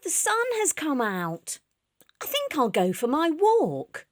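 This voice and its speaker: A woman presenting for young children, telling a gentle story and asking slow questions. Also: sits high, huge pitch swings, no echo, clean studio sound. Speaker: museum learning presenter.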